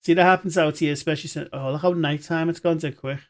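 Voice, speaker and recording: A man's voice: fairly high pitch, fairly even intonation, fast talker. A man giving chatty, rambling live commentary on a game he is playing, with jokey asides. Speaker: streamer.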